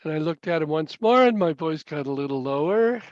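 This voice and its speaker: An older man telling personal stories in an unhurried, halting way at a webinar, chuckling now and then. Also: on the high side, animated, no room sound, highs cut off. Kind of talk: storytelling talk at a webinar.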